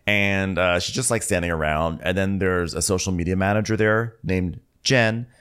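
A man's voice: deep voice, fairly even intonation, moderate pace, fairly bright tone, smooth. A man hosting a podcast, retelling a show in an amused, storytelling casual chat. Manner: amused, storytelling, laughing often. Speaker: podcast host. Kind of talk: casual comedic recap.

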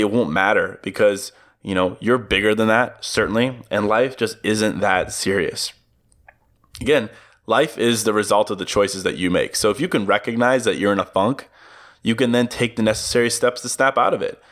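A young man hosts a solo podcast in a relaxed, upbeat way. His voice sits a little low, and he often breaks into a chuckle at his own jokes. The talk is casual and encouraging. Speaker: podcast host. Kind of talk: solo motivational podcast monologue.

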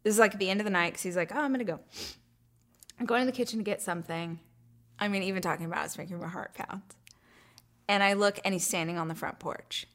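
A woman in her thirties hosting her own talk show, telling a personal story in a chatty way with quick asides and laughs. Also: medium pitch, fairly bright tone. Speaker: host. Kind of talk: casual chat.

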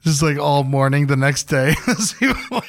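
A man's voice: a little high, expressive, normal speed, dry recording, clean studio sound. A young adult man telling a long story in a loose, casual way, swearing freely and rambling through restarts. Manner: loose and profane, jumps into loud hype-man shouting when retelling. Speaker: podcast host.

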